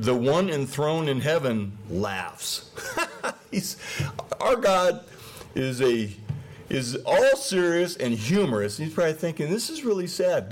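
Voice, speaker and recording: A middle-aged man giving an informal, conversational sermon, often slipping into the voices of the people he describes. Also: medium pitch. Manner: casual, conversational, acts out voices of biblical figures. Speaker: preacher.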